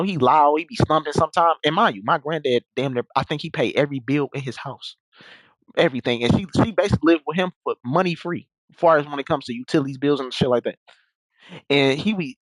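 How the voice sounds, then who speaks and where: A man's voice: a little high, no room sound, low-quality recording. A young man telling a story in casual, rambling talk, full of slang and repeated restarts.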